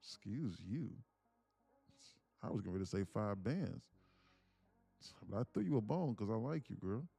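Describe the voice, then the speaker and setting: A man's voice: fairly low pitch, lively intonation, brisk, gravelly, warm tone, husky, soft background music. Slangy man calling a live trading stream. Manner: loose slangy talk, sings and laughs between chart calls. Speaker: livestream trading mentor. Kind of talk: casual livestream commentary.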